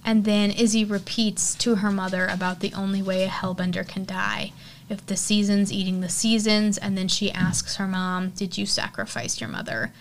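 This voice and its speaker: A woman hosting her own horror podcast walks through a film's story in an easygoing, conversational way. Her voice sits at an ordinary middle pitch, and she leans on "like" and "you know" as she talks. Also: little pitch movement, moderate pace, a little hiss or hum. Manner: chatty, lots of "like" and "you know". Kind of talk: casual film recap and review.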